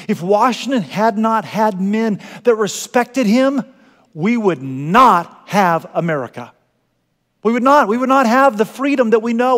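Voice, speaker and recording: A male pastor preaching a sermon with animated delivery, swinging between loud exclamations and quiet asides. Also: high voice, long reverb tail. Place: church sanctuary.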